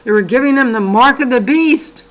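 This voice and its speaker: A woman's voice: high-pitched, moderate pace, a bit bright, muffled recording. An older woman and grandmother reading a dream account aloud, breaking off for earnest, apologetic asides. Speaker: channel host.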